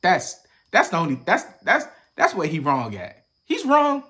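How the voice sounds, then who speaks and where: A young podcast host reacts to a viral video with loose, profane commentary at a moderate pace, his pitch jumping and falling all over the place. He's animated, swinging between loud, punchy, acted-out outbursts and quiet muttered asides, like casual podcast banter.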